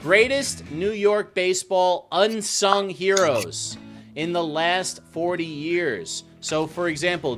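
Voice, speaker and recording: A man's voice: on the high side, a bit bright. A man presenting a quiz game segment over a call, upbeat and playful as he explains the rules. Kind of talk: game show style hosting.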